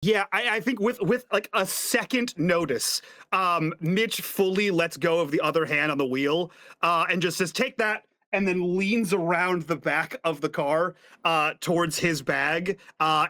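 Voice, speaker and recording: Excitable male player, high and bright, close dry sound. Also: a little slow, hardly any pauses, no echo. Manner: excitable, laughing often. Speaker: tabletop game player. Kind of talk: tabletop game chat.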